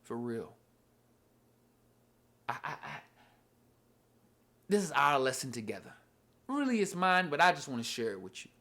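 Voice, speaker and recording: A man's voice: medium pitch, very animated, measured pace, long pauses, sharp tone. A young man giving a casual, earnest Bible lesson, rambling and repeating "you know what I mean.". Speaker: Bible study teacher. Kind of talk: casual devotional talk.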